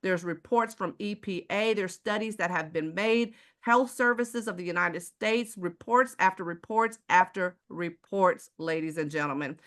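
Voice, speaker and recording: A woman's voice: mid-range voice, a bit bright. A woman from Houston with a Texan accent, giving a live online sales presentation. She talks emphatically and keeps firing rhetorical questions straight at her audience. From Houston, Texas.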